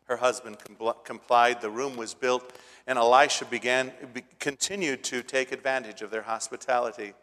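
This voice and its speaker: A man's voice: mid-range voice, steady tone, normal speed, a bit bright. A man preaching a sermon, retelling a scripture story in a casual way and building to emphatic points. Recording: long hall reverb.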